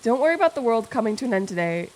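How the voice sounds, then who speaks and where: A woman's voice: a little high, very animated, racing, darkish tone, a little hiss or hum. A young woman streamer chatting casually with her chat, playful and rambling, swearing freely and reading messages aloud.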